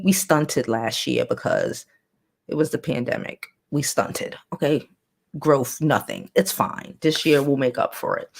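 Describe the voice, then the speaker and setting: Low-voiced woman chatting on a livestream. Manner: blunt, profane, reads chat comments aloud; putting on a lower, softer new voice. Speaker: livestream host. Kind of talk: casual livestream chat.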